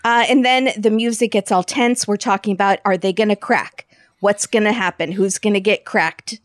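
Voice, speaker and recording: A woman's voice: mid-range voice, fairly even intonation, moderate pace, no room sound. Chatty woman recapping a baking show. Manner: chatty, jokey, laughs often. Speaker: podcast co-host. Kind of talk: casual chat recapping a TV episode.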